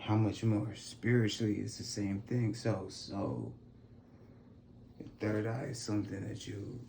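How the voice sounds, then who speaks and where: Man, 30s, from Phoenix, low voice, gravelly, relaxed profane storytelling, balcony outdoors. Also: unhurried, slight background noise. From Phoenix, Arizona. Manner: laid-back, profane, rambling with many fillers. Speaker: interview guest. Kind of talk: casual storytelling.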